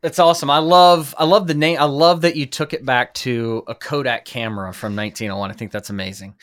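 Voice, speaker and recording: A man's voice: medium pitch, steady tone, brisk, fairly bright tone. A man hosting a podcast, talking in an upbeat, enthusiastic way as he interviews a guest. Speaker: podcast host.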